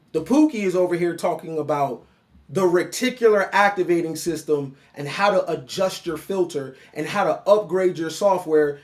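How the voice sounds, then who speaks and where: A man giving an animated commentary monologue, mocking and lecturing the person he addresses. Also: on the high side. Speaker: online commentator.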